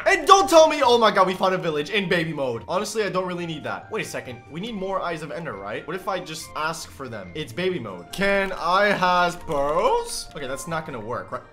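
A young man commentating his own gameplay in a high, bouncy voice that leaps around his range, jumping from low mutters to loud yells. Game music plays clearly underneath him the whole way through. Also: fast talker, hardly any pauses. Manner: excitable, exclamatory, swings from mumbling to shouting. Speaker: gaming YouTuber. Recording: game music playing behind.

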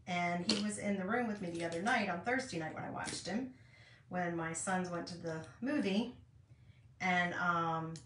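Here a craft channel host, a woman in her fifties, talks her viewers through a project at home in a chatty, wandering way. She speaks in a lowish voice at a moderate pace. The mic is distant, the background noisy, and the room echoes.

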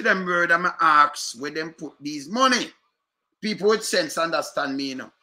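A commentator with a Jamaican accent rants casually to his viewers, fired up, repeating himself and throwing out rhetorical questions. His voice is a little high, bright and forceful, delivered at a normal speed.

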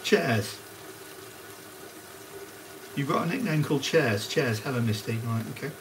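Onions frying in a pan create a noisy backdrop as this medium-pitched host runs his live cookalong. Talking a little slowly, he chats casually and calls out viewers by name as he cooks.

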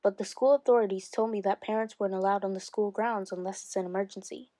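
Brief: storybook mother, patient and soft-spoken; read by a woman. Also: mid-range voice, steady tone, quick pace, dry recording, close to an everyday voice. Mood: quiet. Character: patient mother explaining to her son.

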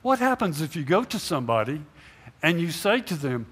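A middle-aged pastor preaches a Sunday sermon from the front of a church sanctuary, his slightly high, bright, husky voice swinging widely in pitch at a fairly quick pace. He keeps putting questions to his listeners and acts out little imagined dialogues. His words trail into a long echo under the high ceiling.

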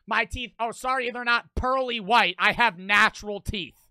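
A man's voice: sits high, normal speed, pushed and bright, clean tone, dry recording. A young man streaming a reaction video, with profane, mocking, rambling commentary.

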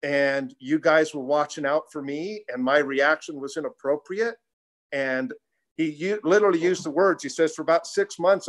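A middle-aged man on a panel, earnestly telling a story and acting out the voices of the people he quotes. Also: fairly high pitch. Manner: earnest, anecdotal, quotes others in lively voices. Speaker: panel speaker, pilot group co-founder.

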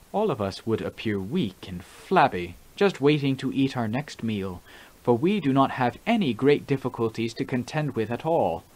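A man reading as a calm old meditation master. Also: on the low side, low-quality recording. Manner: calm, level and measured. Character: older male meditation master, calm and level. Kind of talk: audiobook reading.

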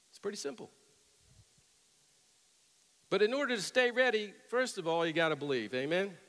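A middle-aged male pastor preaching a sermon, telling stories and rising to loud, emphatic peaks. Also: sits high, animated, brisk, long pauses. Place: church sanctuary with long reverb. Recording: reverberant church hall.

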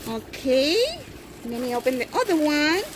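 Woman, unboxing vlog, high voice, big swooping pitch, slow gushing delivery. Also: noisy background. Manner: gushing, excited, coos over the doll. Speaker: reborn doll collector vlogger. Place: indoors at home.

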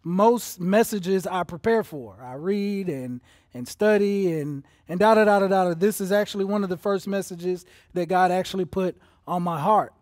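High-voiced emotional pastor. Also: male voice, normal speed, no room sound, clean studio sound. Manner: emotional, builds from soft to intense. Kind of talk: livestreamed sermon. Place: church auditorium.

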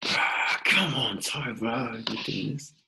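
A man hosting a live-stream coaching pitch, energetic and upbeat, calling out viewers by name. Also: takes it slowly, vocal fry, noisy background.

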